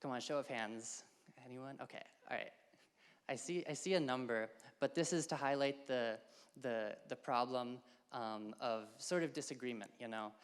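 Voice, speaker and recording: A man's voice: medium pitch, normal speed, smooth, in a large hall. A man giving a casual academic slide talk to a live audience, with many ums and uhs. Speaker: workshop presenter. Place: lecture hall.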